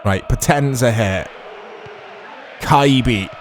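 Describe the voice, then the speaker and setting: A man commentating casually over a football video game, chatty and quick to shout at big moments. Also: mid-range voice, a little hiss or hum. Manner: excitable, shouts at big chances, chatty asides. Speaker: gaming commentator. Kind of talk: casual let's-play commentary.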